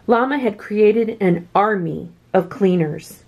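A woman reading a children's picture book aloud with expressive, swooping delivery. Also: fairly low pitch, takes it slowly, vocal fry, hardly any pauses, dull audio. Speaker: children's story reader.

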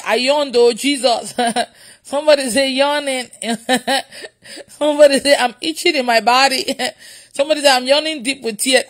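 A woman's voice: sits high, a bit bright. A woman preacher leading a livestreamed prayer session, who laughs often and repeats her phrases.

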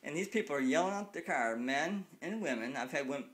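A man's voice: fairly high pitch, lively intonation, a little fast, few pauses, fairly bright tone. A man in his late fifties ranting to a phone camera, angry and repetitive, swearing freely. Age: 50s. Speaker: cyclist vlogger. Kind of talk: casual rant to camera.

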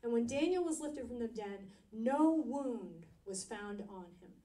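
A woman's voice: on the high side, animated, a little slow, few pauses, dark tone. Woman, pastor, earnest conversational sermon, echoey church room. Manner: earnest, conversational preaching with Bible readings. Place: church sanctuary. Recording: roomy sound from a distance.

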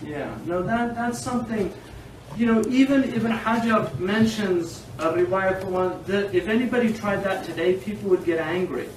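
A man with a high-pitched voice teaches a class in an informal, animated way, wandering off on tangents and laughing as he goes. He is recorded from a distance in a reverberant room, with a faint hiss behind him. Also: normal speed. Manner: animated, digressive, laughs often. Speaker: teacher of Islamic law.

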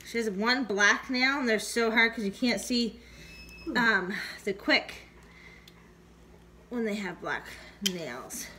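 Woman, high-pitched, very animated, coaxing and scolding dogs, noisy home recording with dogs. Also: slow, pauses often. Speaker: dog owner vlogger. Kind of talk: casual home video. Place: home, grooming her dogs. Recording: noisy room with dogs and clicks.

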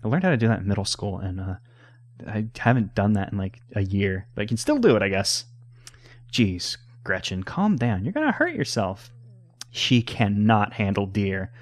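A man's voice: on the low side, sing-song, normal speed. A young man casually commenting on a game he is playing into a home microphone, rambling and stumbling over restarts. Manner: rambling, with many stammered restarts. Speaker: let's player.

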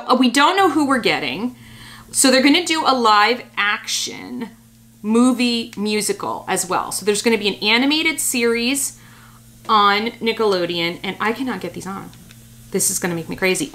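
A woman chatting casually as a doll-collecting vlogger, gushing and excitable as she handles her toys. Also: medium pitch.

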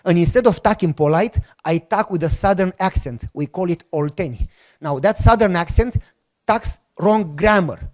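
A man with a Romanian accent telling a personal testimony as a sermon, acting out the dialogue and bursting into shouts. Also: sits high, normal speed. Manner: animated storytelling with acted-out dialogue and shouted outbursts. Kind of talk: sermon storytelling.

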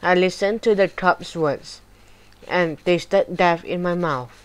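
A woman reading a spooky children's chapter book aloud in a slow, deliberate and even way. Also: lowish voice, smooth, low-quality recording. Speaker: storybook reader. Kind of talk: audiobook narration of a horror chapter.

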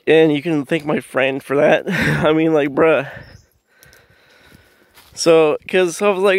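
A man's voice: on the high side, normal speed, dry recording, studio quality. A young man telling a rambling story in a casual vlog, swearing freely and laughing often as he walks his dog in the woods. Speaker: vlogger. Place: outdoors in woods, walking dog.

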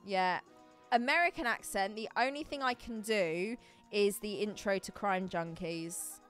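A woman's voice: mid-range voice, a little slow, a bit bright, faint music behind. A woman chatting casually on a live stream, giggling as she opens card packs and answers viewers.

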